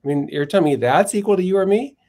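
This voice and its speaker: A man's voice: sits high, rapid-fire, mellow, pitched above the performer's own voice. A man retelling a conversation by voicing a skeptical young boy who presses his point with incredulous questions. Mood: challenging.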